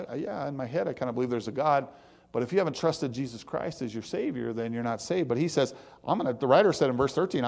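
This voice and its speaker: Guy preaching a devotion, chatty and down to earth, pokes fun at himself, mid pitch. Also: creaky, a little mellow. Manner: folksy, plain-spoken, with self-mocking asides. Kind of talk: conversational devotional sermon.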